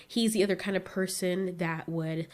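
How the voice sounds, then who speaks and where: A young woman in casual chat, telling lively stories and acting out what people said, often breaking into laughs. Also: on the low side, normal speed. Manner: animated storytelling, acts out quotes with laughs. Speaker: vlogger.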